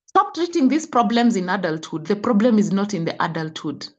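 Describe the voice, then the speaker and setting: A woman's voice: medium pitch, big pitch swings, fairly quick, a little mellow. A middle-aged woman with a Kenyan accent, a health coach who lectures parents with scolding rhetorical questions. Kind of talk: impassioned talk.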